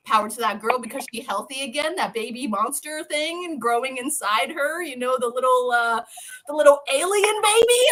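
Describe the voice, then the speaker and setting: A woman co-hosting a podcast, recapping a TV episode in a casual, animated and profane storytelling way. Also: sits high, a little hiss or hum. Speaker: podcast co-host.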